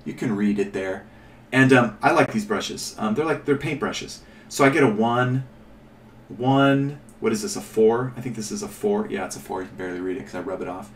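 At a moderate pace, a man with a lowish voice rambles through a casual miniature painting tutorial, thinking aloud and amending what he says. The echoey room and distant mic are accompanied by a little hiss or hum.

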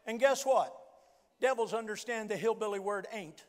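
A man with a West Virginian accent preaching a fervent Pentecostal sermon, telling a story with emphatic repetition and shouted declarations. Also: high-pitched, moderate pace. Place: large church sanctuary. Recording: long hall reverb from church PA.

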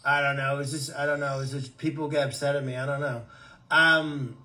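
A man's voice: medium pitch, fairly even intonation, fairly quick, sharp tone. A man hosting a casual livestream from an animal sanctuary, answering viewer comments in a joking, rambling way with stammered restarts.

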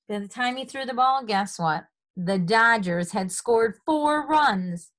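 A woman reading a picture book aloud to children, animated, asking them questions as she goes. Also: on the high side, unhurried, few pauses. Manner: animated, asks the listeners questions. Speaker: storybook reader.

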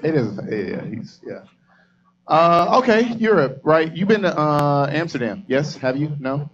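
A man's voice: on the high side, animated, unhurried, a bit bright, highs cut off. A young man from Atlanta doing stand-up, rambling loosely and teasing the audience as he works the crowd on a club stage. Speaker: stand-up comedian.

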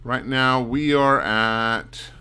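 A man's voice: mid-range voice, steady tone, extremely slow, bright, forceful tone, clear, resonant tone. A man streaming a mystery game, thinking aloud and muttering as he puzzles things out. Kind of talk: casual let's-play commentary.

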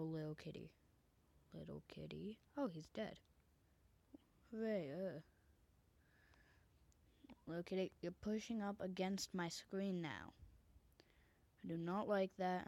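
A woman's voice: on the low side, creaky, darkish tone. A woman commenting on a game she plays from her bedroom, often dropping into a whisper, into a desk microphone. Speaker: gamer. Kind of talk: casual gameplay commentary.

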